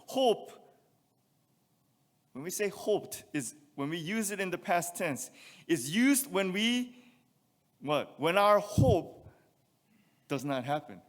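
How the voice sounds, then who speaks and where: Male pastor, expository sermon, slightly high voice, long church reverb. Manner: expository preaching with rhetorical questions and scripture reading. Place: church sanctuary.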